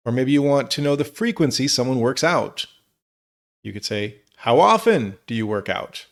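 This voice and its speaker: A man teaching English, reading example questions slowly and clearly for learners. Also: medium pitch, animated. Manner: slow, clear model phrases for learners. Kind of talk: scripted lesson narration.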